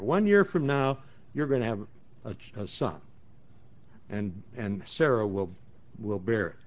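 A man's voice: lowish voice, lively intonation, a little slow, long pauses. A man leading a Bible study, reading verses aloud and then explaining them in plain words, with frequent restarts. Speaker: Bible teacher. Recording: dull lo-fi recording.

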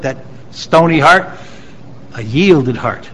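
A man's voice: mid-range voice, expressive, unhurried, a bit bright, low-quality recording. A man preaching a sermon to his congregation, reading scripture aloud and stressing key lines with rising emphasis. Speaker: pastor.

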